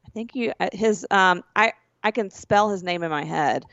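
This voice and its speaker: A woman's voice: mid-range voice, moderate pace, fairly bright tone, no room sound, muffled recording. A woman co-hosting a podcast, telling a rambling school story in casual chat and correcting herself as she goes. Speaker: podcast co-host.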